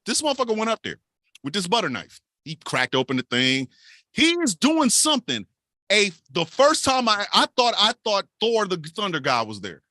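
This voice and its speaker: This mid-range voice talks at normal speed in a dry recording with clean studio sound. It belongs to a podcast co-host telling a wild story casually, full of animated swearing.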